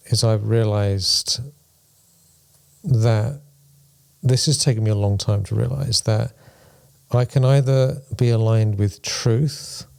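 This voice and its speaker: A man's voice: fairly low pitch, gravelly, darkish tone. A man co-hosting a spiritual discussion podcast, talking things through thoughtfully and using playful examples. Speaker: podcast co-host.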